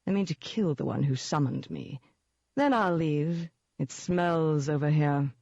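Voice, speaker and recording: Narrator voicing a silky, cultured gentleman demon. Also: medium pitch, dry recording, lo-fi sound. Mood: silky menace. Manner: slow, smooth, taunting delivery. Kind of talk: audiobook character voice.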